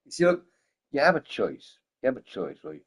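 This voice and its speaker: A drunk man chatting on a gaming livestream, loose and rambling. He lurches from loud, shouted bursts down to low mumbles, swears constantly and says most lines twice. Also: very animated, moderate pace, breathy edge. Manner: swears a lot, laughs often, repeats himself. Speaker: gaming streamer. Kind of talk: rambling casual livestream chat.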